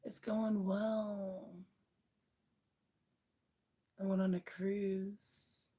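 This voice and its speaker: A woman hosting a late-night livestream, talking softly and half-whispered in a raspy, worn-out voice, unhurried and blunt. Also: mid-range voice, little pitch movement. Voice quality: soft, half-whispered talk. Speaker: livestream host.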